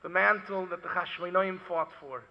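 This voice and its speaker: A man delivering a sermon through a story, moving dramatically between hushed and impassioned speech. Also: high-pitched, steady tone, moderate pace, gravelly. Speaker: preacher. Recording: dull lo-fi recording in a reverberant hall.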